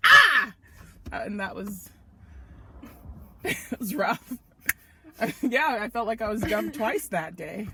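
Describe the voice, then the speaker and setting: Woman, about thirty, American accent; high, swooping, animated comic storyteller. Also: slow, long pauses, a little hiss or hum. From Nigeria. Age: around 30. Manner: animated storytelling, self-mocking, bursts of loud laughter. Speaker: podcast co-host. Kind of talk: comedic casual chat.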